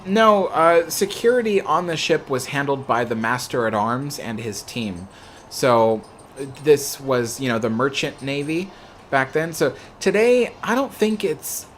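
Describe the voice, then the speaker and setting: A young man running a livestream chats casually and rambles as he takes viewer questions, often saying "you know." His voice sits at medium pitch, with a little hiss or hum on the recording.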